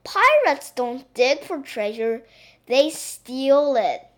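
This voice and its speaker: A woman voicing a naughty little girl princess who plays pirate, pouty and excitable. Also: fairly high pitch, takes it slowly, full character voice. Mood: pouty excited.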